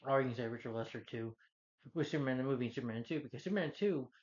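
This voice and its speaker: Brief: male reviewer, mid pitch, rambling and eager, muffled lo-fi sound. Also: very fast. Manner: rambling, enthusiastic plot retelling. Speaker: film reviewer. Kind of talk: casual film review.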